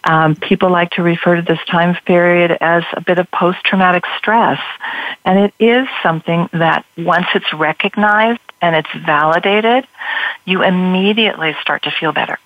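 Radio guest, female, low voice, dry and dull lo-fi sound, animated storyteller. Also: normal speed, dry recording. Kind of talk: radio interview.

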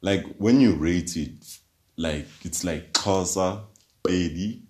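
A man, hosting a podcast in relaxed chat and laughing often. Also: low voice, slow. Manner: laid-back, laughs often. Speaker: podcast host. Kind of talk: casual chat.

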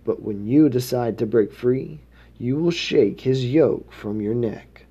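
A man's voice: mid-range voice, takes it slowly, mellow, slightly rough, lo-fi sound. A man reading the words of an aged blind father giving blessings, in a plain read-aloud voice with small slips. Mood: solemn.

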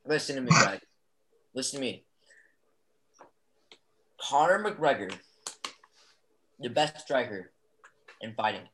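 A man's voice: mid-range voice, lively intonation, slow, long pauses, fairly bright tone. Argumentative teenage boy guest. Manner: argumentative, insistent. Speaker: podcast guest. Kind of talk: casual chat with friends.

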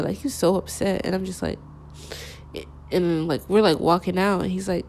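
A young woman telling a candid personal story in a halting, hesitant way, full of filler words. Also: fairly low pitch, creaky, darkish tone.

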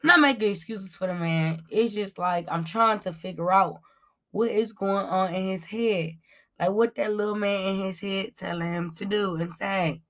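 A woman's voice: mid-range voice, moderate pace, fairly bright tone. A woman hosting a casual celebrity gossip commentary, talking bluntly and reading from her notes with frequent ums. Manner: swears freely and addresses viewers as y'all. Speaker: commentary show host.

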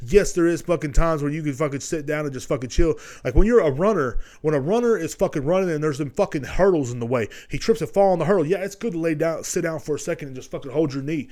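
A man's voice: fairly high pitch, fast, few pauses, dark tone. A young man hosting a podcast, giving a profane, rambling motivational monologue, full of swearing and constant "you know what I'm saying". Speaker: podcast host.

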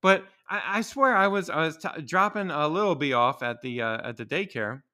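High, lively, profane ranting man. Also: moderate pace. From Maryland. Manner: profane, opinionated ranting with laughs. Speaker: podcast host. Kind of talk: solo podcast monologue.

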